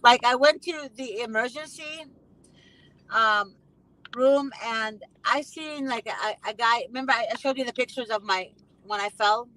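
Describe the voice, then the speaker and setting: A woman's voice: a little high, measured pace, pushed and bright, low-quality recording. A woman hosting a casual conversation, talking emphatically and passionately and often repeating herself for weight. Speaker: host; mother.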